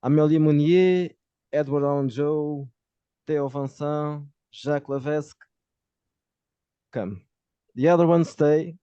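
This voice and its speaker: A man's voice: a little high, fairly even intonation, takes it slowly, pauses often, mellow, smooth, no room sound, voice pushed up. A man voicing a stern police officer who reads out orders in a curt, official way, on dull lo-fi audio. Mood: commanding.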